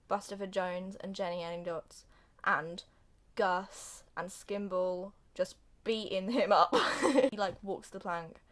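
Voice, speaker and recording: A young woman recapping a film plot for comedy, acting out the characters' lines in an animated way. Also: medium pitch. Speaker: video reviewer.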